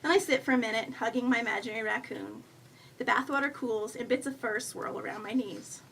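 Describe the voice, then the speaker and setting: A woman in her thirties reads her own humorous first-person story aloud, wry and self-mocking. Her voice is high and bright. She sounds a little far from the mic, with faint noise underneath. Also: brisk, creaky. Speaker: author reading her story. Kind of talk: live reading of first-person humorous prose.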